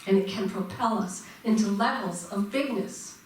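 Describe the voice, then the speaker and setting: A woman's voice: medium pitch, normal speed. A woman minister preaches to her congregation, drawing them in with questions. Her voice rings around a very echoey church and sounds picked up from a distance. A faint hum of the room sits underneath. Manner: engaging, asks the congregation questions. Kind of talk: sermon. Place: church sanctuary.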